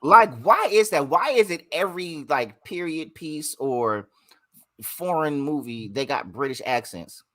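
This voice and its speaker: A man's voice: on the high side, expressive, a little slow, pushed and bright. A man co-hosting a live podcast in loose, profane banter, laughing often. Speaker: podcast co-host. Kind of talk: casual live podcast chat.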